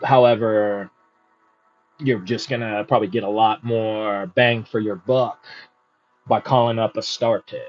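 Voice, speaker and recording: A man's voice: on the low side, fairly even intonation, unhurried. A man hosting a book study, reading aloud unhurriedly and adding casual comments. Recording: muffled with faint music.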